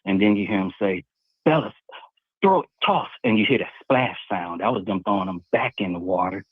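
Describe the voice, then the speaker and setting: A man's voice: deep voice, a little fast, breathy edge, no room sound. A man calling in to a live show, casually rambling as he retells what he heard, step by step. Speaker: caller. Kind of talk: casual call-in talk. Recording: tinny phone line.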